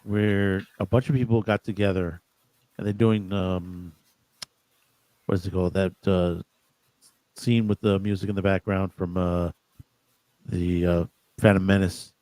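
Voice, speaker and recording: Low-voiced man chatting, dry sound. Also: flat delivery, warm tone, no room sound. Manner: halting, with fillers and restarts. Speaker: podcast co-host. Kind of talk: casual chat.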